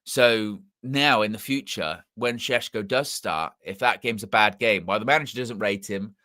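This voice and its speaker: A man's voice: lowish voice, moderate pace, sharp tone, no echo, studio quality. A man hosting a football fan stream in casual live chat, with a mixed English accent, rambling and repeating himself as he corrects his words. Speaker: football channel host.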